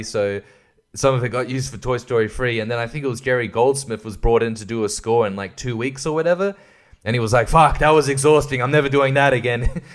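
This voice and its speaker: A man hosting a podcast, chatting casually about a film in a rambling, joking and profane way. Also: mid-range voice. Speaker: podcast host. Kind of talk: casual film-review chat.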